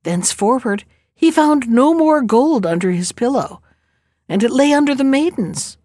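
A woman reading a fairy tale aloud in a calm, measured storytelling voice. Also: sits high, no room sound, clean studio sound.

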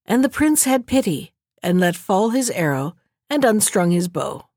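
A woman narrating a fairy tale audiobook in a steady, measured storytelling manner. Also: mid-range voice, no echo, clean studio sound.

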